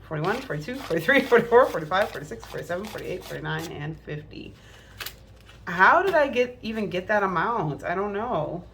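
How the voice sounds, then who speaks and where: Budget vlogger lady counting bills out loud at home, low voice that jumps around a lot, faint hiss behind. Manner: chatty, self-deprecating, counts bills aloud under her breath. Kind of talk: casual chat while counting cash. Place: at home indoors.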